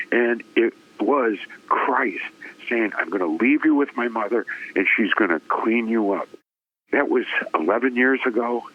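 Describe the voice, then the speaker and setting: A man with a low voice recounts a personal story on a tinny, phone-like line, and the sound is thin and narrow. He tells it dramatically, rising with emotion and acting out each quoted voice. He is a seasoned radio talker speaking as an interview guest. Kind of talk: personal testimony in conversation.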